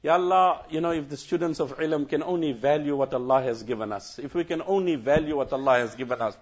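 High-voiced cleric, earnest. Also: male voice, fast talker, highs cut off. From South Africa. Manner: earnest, repeats phrases, breaks into chanted Quran recitation. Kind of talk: emotional first-hand recounting talk.

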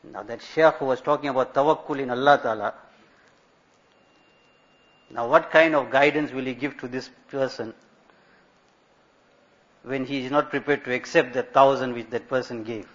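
A man's voice: medium pitch, fairly even intonation, moderate pace, long pauses, fairly bright tone. A man giving a religious sermon as an Islamic scholar, telling stories and asking rhetorical questions. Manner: storytelling, rhetorical questions, Arabic religious terms. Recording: dull lo-fi recording.

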